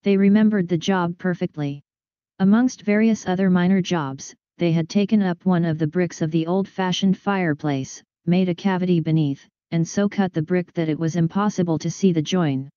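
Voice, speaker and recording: Low, mellow woman narrating a story. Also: moderate pace, dry recording. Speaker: audiobook reader. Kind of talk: scripted narration of a detective story. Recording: dull lo-fi, dry recording.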